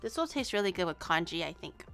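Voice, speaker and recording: A young woman from Canada, chatting casually on a stream while tasting snacks, excitable and swearing lightly. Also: on the low side, quick pace, soft background music.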